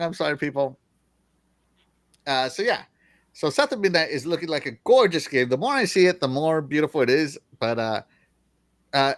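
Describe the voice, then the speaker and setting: A man's voice: fairly high pitch, fairly bright tone, dry recording, studio quality. A man hosting a gaming news show, chatting casually in a rambling way and laughing often. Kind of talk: casual panel chat.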